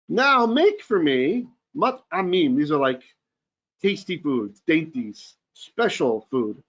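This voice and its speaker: A man with a fairly high voice leads a relaxed Torah class as a rabbi. He chants each Hebrew verse before translating it in loose, joking talk, clearing his throat now and then. Faint music plays softly behind him. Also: slow pace. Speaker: rabbi teaching a Torah portion. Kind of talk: informal online Torah class.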